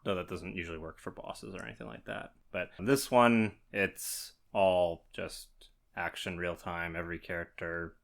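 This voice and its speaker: Low-voiced man, wry podcast co-host. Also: normal speed, creaky, few pauses. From Canada. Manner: relaxed, wry explaining. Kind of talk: casual chat.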